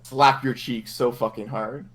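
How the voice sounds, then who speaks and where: A man's voice: mid-range voice, fairly even intonation, a little slow, a crowd in the background. A man playing a tabletop game, swearing often and reacting to the game master with frustration. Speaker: player. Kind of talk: casual game chat.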